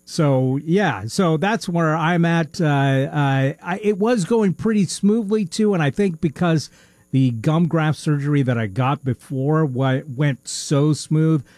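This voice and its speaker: A man's voice: a little high, takes it slowly, a little mellow, no room sound. A man co-hosting a podcast in casual chat, rambling and hesitant with lots of fillers and chuckles, with a slight lisp. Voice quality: slight lisp from a missing tooth. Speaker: podcast co-host.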